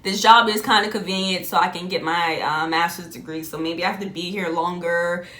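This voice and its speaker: Bright-voiced woman telling a story. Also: brisk, echoey room. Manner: animated, laughs often, jumps into high exclaims. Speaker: vlogger. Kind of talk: casual storytelling.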